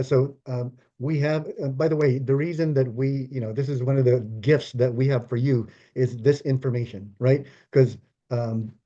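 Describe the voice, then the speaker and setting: A man's voice: mid-range voice, mellow, highs cut off. A man co-hosting a casual talk, speaking steadily and affirmingly with frequent filler words. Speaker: co-host.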